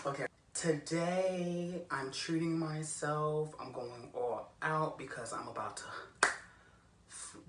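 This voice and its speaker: A woman's voice: a bass voice, fairly bright tone, slight background noise. A young woman chatting casually in a rambling, self-mocking way in a vlog at home. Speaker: vlogger. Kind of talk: casual mukbang vlog chat. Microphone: camera set up across the room. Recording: roomy echo, distant camera mic.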